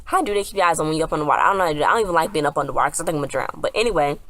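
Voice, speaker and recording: A woman's voice: low-pitched, rapid-fire, fairly bright tone. A woman casually recapping a TV episode, rambling with lots of fillers and restarts. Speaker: TV episode reviewer.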